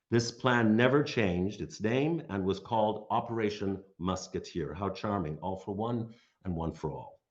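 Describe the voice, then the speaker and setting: A man with a fairly low voice delivers a prepared lecture, reading steadily and slipping in dry, sardonic remarks. The recording sounds dull and muffled, like lo-fi audio. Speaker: guest lecturer. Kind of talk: read history lecture.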